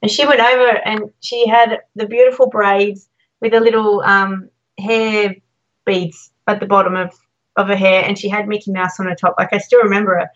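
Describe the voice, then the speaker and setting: A woman's voice: medium pitch, flat delivery, normal speed. Chatty Australian woman, dull lo-fi sound. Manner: chatty, anecdotal, acts out quoted voices. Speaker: guest, branding designer. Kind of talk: casual podcast chat, storytelling.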